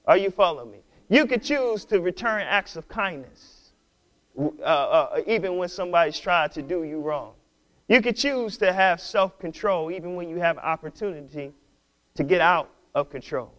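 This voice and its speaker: A man pastor preaching a sermon, exhorting his congregation, repeating and restarting words and building to loud, passionate stretches. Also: high voice, animated, moderate pace.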